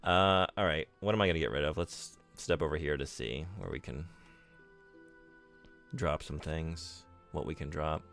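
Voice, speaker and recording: Low-voiced man chatting on a game stream. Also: normal speed, gravelly, a bit bright, soft background music. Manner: chatty, self-deprecating, reads and answers chat. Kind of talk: casual live-stream chat while gaming.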